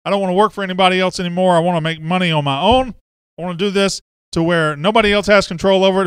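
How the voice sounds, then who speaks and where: A man hosting a sports podcast, excitable and brash, speaking from a studio. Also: sits high, racing, smooth, dry recording. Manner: excitable, brash, loud bursts. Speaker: podcast host. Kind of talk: energetic sports podcast talk.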